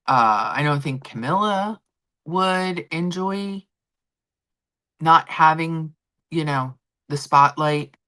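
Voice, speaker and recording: A woman's voice: sits low, slow pace, pushed and bright. A middle-aged woman hosting a livestream, chatting casually and with strong opinions, full of fillers and restarts. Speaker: livestream host. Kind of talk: casual chat about royal gossip.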